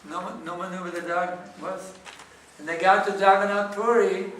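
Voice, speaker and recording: This man's high, fairly bright voice stays fairly even at a normal speed as he gives a devotional morning class and answers questions. He speaks conversationally, leaning on rhetorical questions, and is far from the mic in a reverberant temple hall.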